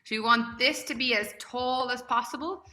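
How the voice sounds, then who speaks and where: Bright, chatty Irish fitness coach. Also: female voice, a little high, normal speed, reverberant. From Ireland. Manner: chatty, encouraging, laughs often. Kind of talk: live workout class instruction.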